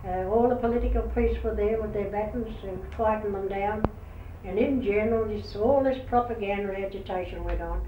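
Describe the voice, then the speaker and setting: A woman recounts events in a measured way. She sits away from the mic in a roomy space, and the tape sounds dull and carries a faint hiss. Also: fairly high pitch, recorded from a distance. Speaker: interviewee. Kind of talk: oral history recollection.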